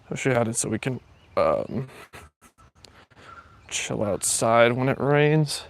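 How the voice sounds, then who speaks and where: A young livestream host strolls outdoors, rambling casually to his viewers with plenty of fillers as he reads their comments. He speaks slowly, with a medium-pitched voice and lively intonation.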